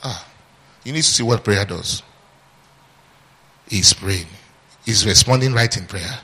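A man's voice: on the low side, unhurried, pushed and bright. A man preaching a sermon, reading scripture aloud and quizzing the congregation with call-and-response questions. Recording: long hall reverb.

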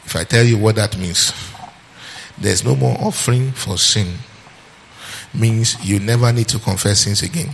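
A male preacher delivering a sermon, reading scripture and quizzing his listeners, repeating phrases for emphasis and slowing down on key verses. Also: fairly low pitch, vocal fry, slight background noise.

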